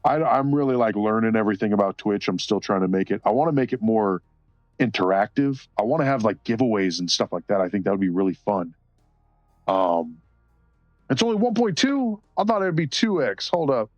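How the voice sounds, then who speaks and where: A man's voice: on the low side, sing-song, a little fast, no room sound, dull audio, faint music behind. A man chatting casually on a live stream while coloring, rambling and cursing freely between short laughs.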